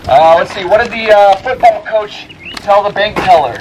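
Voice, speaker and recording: A man's voice: sits high, moderate pace, darkish tone, rough recording. A man leading a hiking tour outdoors on a mountain trail. He is chatty and upbeat and cracks corny jokes. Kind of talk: joking tour narration. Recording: outdoor wind noise.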